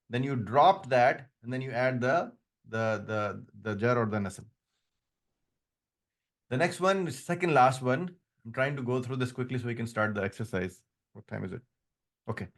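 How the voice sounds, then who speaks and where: A man who speaks English as a second language, teaching an Arabic grammar class and explaining patiently with frequent restarts. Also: mid-range voice. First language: not English; another language first. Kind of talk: online class lecture.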